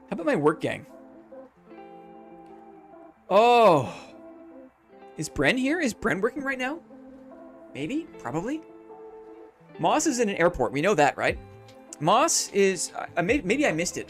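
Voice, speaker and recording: A man's voice: high voice, big pitch swings, measured pace, pauses often, faint music behind. A man from Canada, streaming a game live and chatting with his viewers in a goofy, joking way. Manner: goofy, jokey, chatty with chat.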